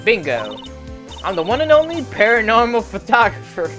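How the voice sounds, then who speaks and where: Loud southern gal as a streamer puts her on, eager and folksy, lots of bounce in the voice. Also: mid-range voice, wildly swooping pitch, normal speed, soft background music. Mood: boisterous. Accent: American Southern. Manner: folksy, boisterous drawl. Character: brash southern woman photographer, loud and eager.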